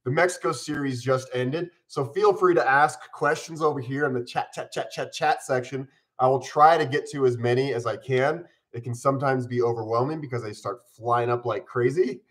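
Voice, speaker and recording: A man's voice: medium pitch, normal speed, few pauses, a bit bright. A man in his forties hosting a casual live stream from home, chatting upbeat and eating on camera while mildly ill.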